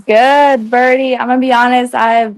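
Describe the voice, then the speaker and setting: A woman's voice: on the high side, steady tone, normal speed. A woman calling in to a live show, fired up and rambling with lots of fillers. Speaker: caller. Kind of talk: casual call-in chat.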